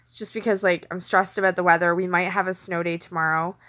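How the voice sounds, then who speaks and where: A woman's voice: on the low side, fairly even intonation, quick pace, a bit bright. A young Canadian woman with a Canadian accent chatting casually with viewers on a late-night live stream from her kitchen, laughing often and teasing.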